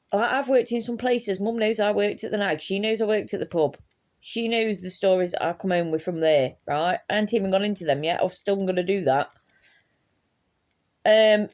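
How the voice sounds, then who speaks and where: Animated woman telling a story. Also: medium pitch. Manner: animated, laughs often, swears freely. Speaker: vlogger. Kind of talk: casual storytime anecdote.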